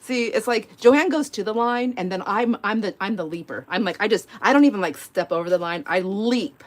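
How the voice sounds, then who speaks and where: A woman's voice: mid-range voice, fairly quick. A middle-aged woman hosting a live crafting stream from home, chatting casually and telling a rambling story full of fillers and giggles. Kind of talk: casual chat while crafting.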